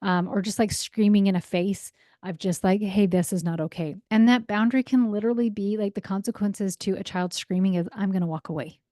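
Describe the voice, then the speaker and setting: This is a woman in her thirties coaching parents on a podcast in an easygoing, conversational way. Her voice sits at a middle pitch with a mellow, relaxed warmth. The sound is close and dry, with no room around it. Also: a little fast, no room sound. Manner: conversational, frequent "right?" and "um". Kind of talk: casual solo podcast talk.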